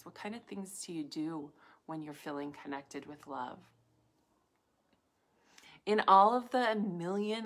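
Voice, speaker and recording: A woman talks slowly and gently to her viewers in a live talk, her pitch sitting at a middling level. She speaks in reflective, unhurried phrases, full of "like" and pauses, and at times drops almost to a whisper. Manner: soft, reflective, with frequent "like" and pauses. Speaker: wellness speaker.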